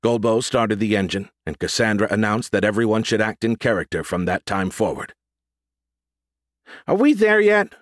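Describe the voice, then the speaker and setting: A man narrates an audiobook in a steady, measured voice on the low side. The recording is close and dry, with no room sound. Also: dry recording.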